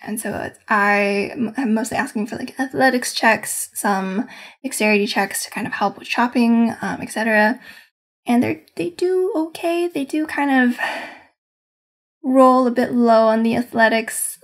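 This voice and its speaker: A woman's voice: fairly high pitch, unhurried. A woman game master casually recounting her tabletop session, meandering and hedging as she searches for words.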